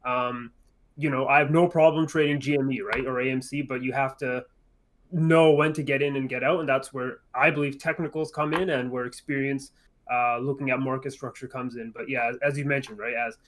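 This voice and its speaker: A man's voice: medium pitch, steady tone, brisk, fairly bright tone. A man in casual market chat who keeps tagging "right?" and "you know" onto his sentences.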